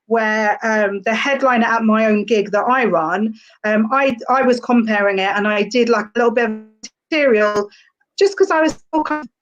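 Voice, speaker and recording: Young woman comic, chatty and meandering, a touch high-pitched. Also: normal speed, highs cut off. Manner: chatty, rambling with fillers. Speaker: stand-up comedian, podcast guest. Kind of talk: casual podcast chat.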